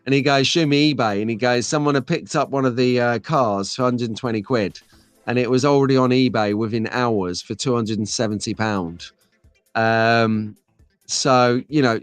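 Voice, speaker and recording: Middle-aged host, casual live-stream chatter, dry room, faint music. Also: male voice, mid-range voice, moderate pace, no room sound. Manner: chatty, rambling, reads chat comments aloud.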